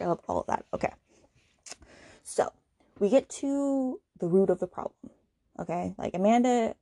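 A woman hosting a podcast, giving a casual, animated book review rant full of fillers like "like" and "okay". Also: lowish voice, dry recording. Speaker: podcast host.

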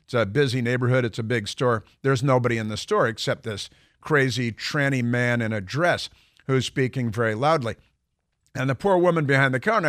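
A man's voice: medium pitch, fairly quick, fairly bright tone, no echo, studio quality. A man hosting a radio talk show, telling a long story in a rambling, digressive way with lots of fillers and restarts.

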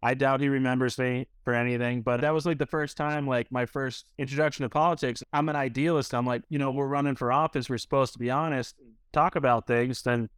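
A man's voice: medium pitch, steady tone, a little fast, a bit bright, smooth, no echo. A man in his thirties from New Hampshire, a guest telling a story casually and peppering it with "like". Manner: rambling, filler-heavy with frequent "like". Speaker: restaurant owner guest.

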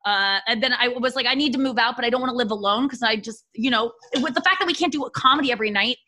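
A woman's voice: fairly high pitch, fast talker, sharp tone. A woman who is a guest on a podcast, chatting and joking at her own expense. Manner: chatty, self-mocking. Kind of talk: casual chat.

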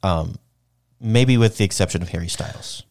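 Man, low voice, podcast co-host, easygoing, wry, casual chat. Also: moderate pace, a little mellow.

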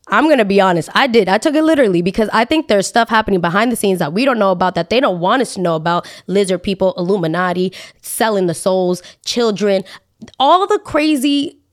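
A woman hosting a podcast, ranting in a casual, dramatic way with exaggerated asides. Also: medium pitch. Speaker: podcast host. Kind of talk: casual opinion monologue.

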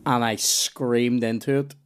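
A man's voice: mid-range voice, flat delivery, measured pace, clean tone. A Northern Irish man telling loose, rambling stories in casual podcast chat, with restarts and swearing.

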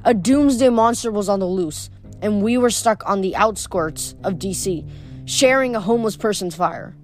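A woman's voice: mid-range voice, moderate pace, soft background music. Woman reading a novel aloud. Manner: plain reading with small stumbles and self-corrections. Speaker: audiobook reader.

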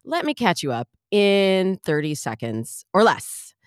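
Brief: woman podcast host, bubbly and expressive, low-ish voice with lots of swing, dry recording. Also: unhurried, no echo. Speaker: podcast host and dating coach. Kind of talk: podcast monologue.

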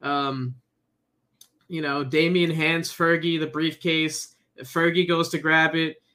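A man co-hosting a casual wrestling review podcast, recapping the action plainly and briskly. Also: on the high side, level tone, sharp tone. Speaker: podcast co-host.

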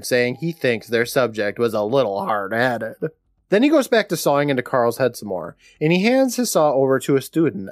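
A man's voice: mid-range voice, no room sound, studio quality. A man co-hosting a podcast, retelling a horror episode in a casual, joking storytelling way. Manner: animated storytelling with a laughing, joking tone. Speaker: podcast co-host.

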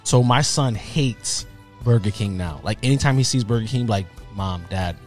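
A man in his thirties, co-hosting a podcast, telling a story in a casual, animated way and acting out what people said. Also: mid-range voice, normal speed, soft background music. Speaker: podcast co-host.

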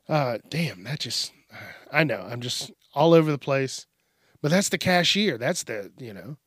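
Male podcast host, higher-pitched, dry close sound; profane, animated rambling monologue. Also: moderate pace, breathy edge, no room sound. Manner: profane, animated, acts out quoted rude customers.

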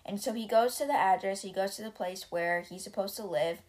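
A woman's voice: mid-range voice, fairly quick, a little mellow. A young woman hosting a podcast, casually retelling book chapters with lots of "like" and "you know". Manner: chatty, many fillers like "like" and "you know".

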